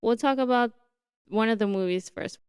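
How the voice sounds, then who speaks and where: A young woman hosting her own podcast on a new mic setup, chatting casually and excitably. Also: fairly high pitch, normal speed, smooth, dry recording. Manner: chatty, excitable, says like a lot. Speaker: podcast host. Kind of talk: casual solo podcast chat.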